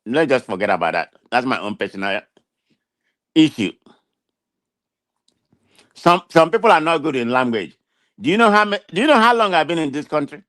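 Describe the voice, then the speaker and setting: Man, Nigerian accent, nasal, defensive, animated, dry close sound. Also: fairly high pitch, normal speed, long pauses, dry recording. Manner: defensive, animated, restarts often. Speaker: guest. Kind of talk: casual chat. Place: America.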